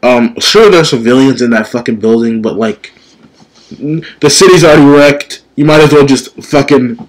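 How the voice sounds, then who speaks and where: Young dude reacting to manga, swears a lot, gets hyped, mid-pitched voice. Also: male voice, moderate pace. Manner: profane, excitable, says dude a lot. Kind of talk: casual reaction commentary.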